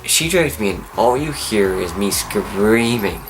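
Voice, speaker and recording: A teenage young man, telling a story to camera in an excitable, animated way. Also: on the low side, unhurried, faint music behind. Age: teens. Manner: excitable, animated, acts out his own screams and whispers. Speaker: vlogger.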